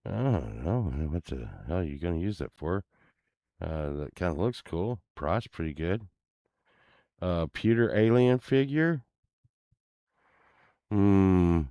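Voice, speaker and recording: A man's voice: low voice, animated, slow pace, pauses often, warm tone, dry recording, clean studio sound. A man chatting casually to viewers while browsing listings, laid-back and mumbling, with muttered asides and cursing.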